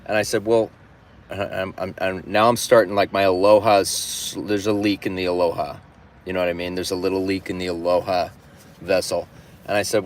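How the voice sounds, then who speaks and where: Man on a live stream, fairly low voice, excitable storyteller who keeps restarting, faint street noise outside. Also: a little fast. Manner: animated, restless retelling with many restarts and swearing. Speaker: livestream host. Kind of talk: casual storytelling.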